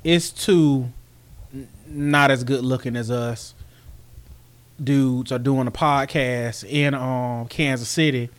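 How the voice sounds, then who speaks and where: A man's voice: mid-range voice, fairly even intonation, slow pace. A man co-hosting a sports podcast in casual chat, laughing often and trading playful trash talk. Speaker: podcast co-host.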